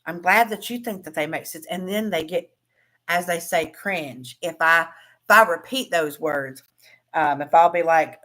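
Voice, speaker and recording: Lady hosting a craft livestream, kinda low voice, giggly, rambles and restarts a lot. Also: measured pace, fairly bright tone. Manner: chatty, laughs often, trails off and restarts. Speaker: craft livestream host and teacher. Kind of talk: casual livestream chat reading comments.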